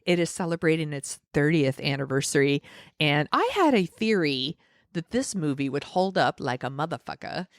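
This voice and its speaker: A woman hosting a podcast in casual, animated chat, joking and swearing freely. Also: sits low, moderate pace, no echo, clean studio sound. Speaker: podcast host.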